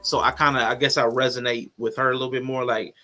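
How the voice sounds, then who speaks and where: A man guesting on a casual live-stream chat, speaking earnestly and reflectively. His voice is bright and forward at a middle pitch for a man. Faint music runs quietly underneath. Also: level tone, fast talker.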